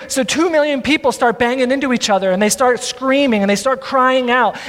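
A male pastor preaching a sermon with earnest, drawn-out emphasis and self-deprecating asides. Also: very high voice, a bit bright, long reverb tail.

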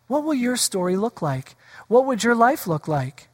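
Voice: medium pitch, very animated, normal speed. Pastor preaching in a reverberant sanctuary. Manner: asks the congregation rhetorical questions; acts out quoted voices of scripture. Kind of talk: sermon. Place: church sanctuary.

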